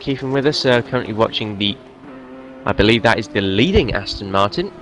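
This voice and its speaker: A man commentating a sim race live, polite and steady. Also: on the low side, a little fast, faint music behind. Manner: polite, steady, mildly apologetic.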